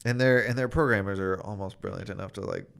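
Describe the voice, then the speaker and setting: A man's voice: on the low side, quick pace, creaky, fairly bright tone, clean tone. A young man co-hosting a podcast, chatting casually and jokingly, often trailing off mid-sentence. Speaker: podcast co-host. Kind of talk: casual chat about video games.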